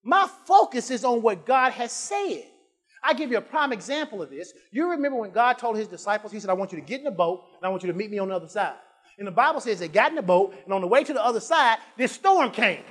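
A male pastor preaching a sermon, dropping to quiet asides and rising to shouted emphasis, repeating phrases and drawing out scripture lines. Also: high-pitched, expressive, fast talker. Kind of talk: preaching a sermon with call-and-response.

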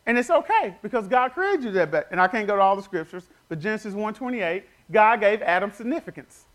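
A man's voice: sits high, animated, fairly quick, fairly bright tone. A man preaching a fervent sermon, telling stories and leading call-and-response with the congregation.

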